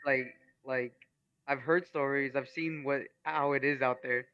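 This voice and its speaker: A man's voice: medium pitch, fairly even intonation, measured pace, smooth, highs cut off. A man co-hosting a podcast in casual chat, easygoing and joking, with loose slang. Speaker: podcast co-host.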